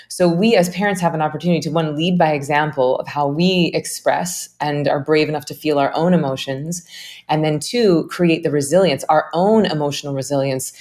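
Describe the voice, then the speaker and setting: A low-pitched woman speaks as a guest in a relaxed interview. She talks earnestly about parenting and slips into quick acted-out voices when she quotes people. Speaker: guest, meditation teacher. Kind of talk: casual interview conversation.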